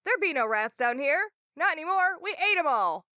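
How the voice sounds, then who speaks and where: A woman voicing a gruff male prisoner calling up out of a pit, in a rough folksy dialect. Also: high-pitched, very animated, normal speed, sharp tone, no room sound, studio quality, pitched above the performer's own voice, full character voice. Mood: menacing.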